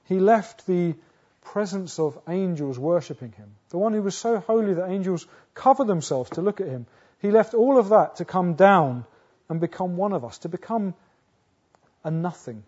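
A man preaching a sermon earnestly, asking rhetorical questions, restarting phrases, rising to loud emphatic peaks and sinking low again. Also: animated, normal speed, husky. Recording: dull lo-fi sound.

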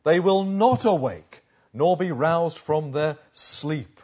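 A man's voice: fairly high pitch, takes it slowly, a little mellow, highs cut off. A man preaching a sermon, reading scripture verses aloud and then explaining them in a conversational way.

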